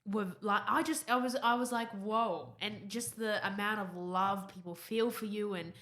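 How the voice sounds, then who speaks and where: Bright, enthusiastic woman co-host. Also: mid-range voice, normal speed. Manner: enthusiastic, laughing, affirming. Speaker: podcast co-host. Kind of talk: casual chat.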